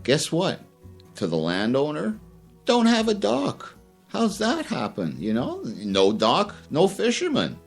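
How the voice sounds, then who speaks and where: A man's voice: on the high side, huge pitch swings, slow pace, creaky, faint music behind. A man hosting a fishing podcast, rambling and heated, with many fillers and restarts. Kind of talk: casual opinion rant.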